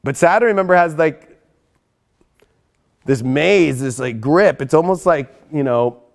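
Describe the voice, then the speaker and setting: A man hosting a weekly astrology forecast in a casual, excitable and profane way, swinging between hyped outbursts and hushed earnest stretches. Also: on the high side, unhurried, gravelly. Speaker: astrology show host.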